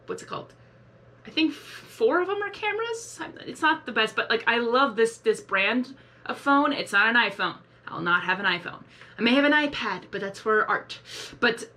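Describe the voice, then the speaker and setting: A woman hosting a casual live reaction video, talking excitably and rambling with many exclamations. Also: a little high.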